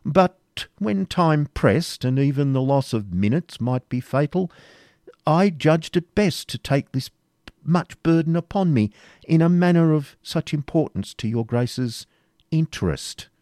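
A man's voice: fairly high pitch, lively intonation, a little slow, a little mellow, no echo, clean studio sound, voice pushed up. A man voicing a calculating royal counsellor in an audiobook reading, speaking in formal old-fashioned phrasing. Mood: urgent, persuasive. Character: scheming adult male royal counsellor, cool and calculating.

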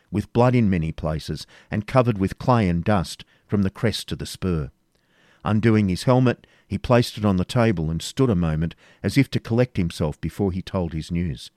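A man narrating a classic novel as an audiobook, in a measured, expressive reading. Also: fairly low pitch, no echo, clean studio sound.

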